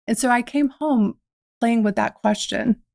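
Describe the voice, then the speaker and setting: A woman's voice: on the high side, measured pace, gravelly, a little mellow, no room sound, clean studio sound. A woman from the South, speaking, tells her story reflectively as a guest in a podcast interview. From American South. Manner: reflective, uses quoted inner dialogue.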